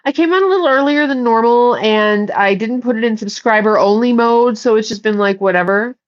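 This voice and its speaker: A woman's voice: on the high side, brisk, highs cut off. A middle-aged woman chatting casually on a livestream, joking playfully and talking back to her viewers. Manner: playful, jokey, talks to chat. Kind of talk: casual rambling livestream chat.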